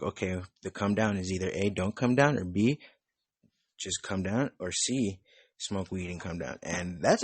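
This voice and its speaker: In a dry recording, a young male podcast host chats casually with a low, husky voice. His talk wanders loosely and is full of cursing.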